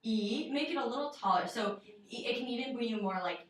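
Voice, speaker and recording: A woman's voice: fairly high pitch, animated, a little fast. A young woman giving a one-on-one singing lesson, explaining in a casual, chatty way with many fillers. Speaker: voice teacher. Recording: roomy echo, mic far off.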